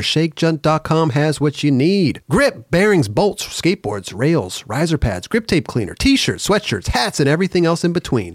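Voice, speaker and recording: A man reads a sponsor message in a punchy, upbeat pitch. His fairly high voice swings up and down, and the recording is very dry and close. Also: no echo. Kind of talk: sponsor ad read.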